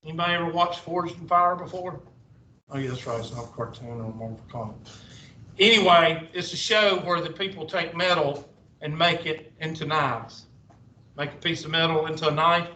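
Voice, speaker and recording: A man's voice: a little high, moderate pace, bright, forceful tone, slight background noise. A male math teacher, lecturing a class with rambling, sarcastic asides. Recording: echoey classroom from far off.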